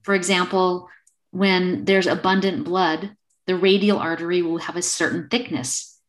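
A woman's voice: fairly low pitch, fairly even intonation, a little slow. A woman in her fifties, an acupuncturist guest on a video call, telling a story and acting out the quoted exchanges. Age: 50s. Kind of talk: casual storytelling interview.

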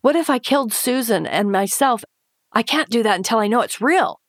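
In a dry, clean studio recording, a woman with a fairly high pitch talks a little fast and with lively intonation. She is an interview guest retelling a painful chapter of her life, earnest and emotional, quoting her inner thoughts and voicing the people around her.

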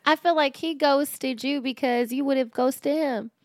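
A woman's voice: high voice, unhurried, dry recording, clean studio sound. A young woman from Philadelphia, a podcast guest in casual chat, candid and self-mocking, laughing often as she tells her stories.

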